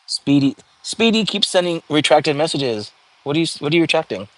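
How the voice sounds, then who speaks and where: A man's voice: fairly high pitch, sing-song, a little fast, no echo. A young man hosting a casual livestream, reading viewer comments aloud and chatting back in an easygoing way. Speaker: livestream host. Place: home.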